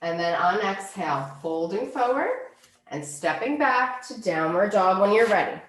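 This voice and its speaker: Calm woman guiding a yoga class. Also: medium pitch, roomy sound. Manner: calm, unhurried cueing of poses and breaths. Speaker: yoga instructor. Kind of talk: guided yoga class instruction.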